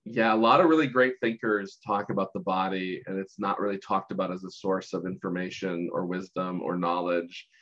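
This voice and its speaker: A man's voice: deep voice, fairly even intonation, normal speed, hardly any pauses, fairly bright tone. A man hosting a podcast in casual conversation, enthusiastic and affirming, reflecting on ideas. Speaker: podcast host. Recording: slightly dull, lo-fi sound.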